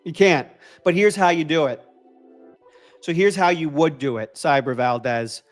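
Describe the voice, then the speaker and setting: This livestream host, a New Yorker with a New York–Boston accent blend, speaks in a higher-side voice at an unhurried pace. Casual and upbeat, he repeats himself and replies to chat comments as soft music plays.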